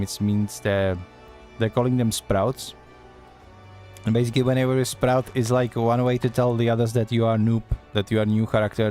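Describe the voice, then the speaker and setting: A man's voice: fairly low pitch, darkish tone. A man streaming a game live, chatting casually and making sarcastic asides.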